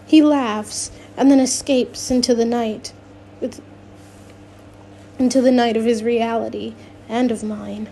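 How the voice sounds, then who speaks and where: A woman's voice: fairly high pitch, steady tone, measured pace, gravelly, pauses often, dark tone, slight background noise. A woman narrating a first-person novel, reading with frequent restarts and self-corrections. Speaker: audiobook narrator.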